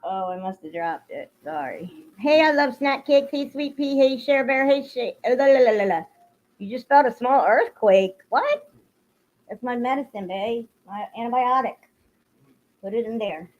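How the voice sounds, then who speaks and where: A woman's voice: on the high side, expressive, moderate pace, a little mellow. Blunt, profane woman streamer, lo-fi sound. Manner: blunt, profane, greets chat viewers by name. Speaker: livestream host. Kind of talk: casual livestream chat. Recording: dull lo-fi stream audio.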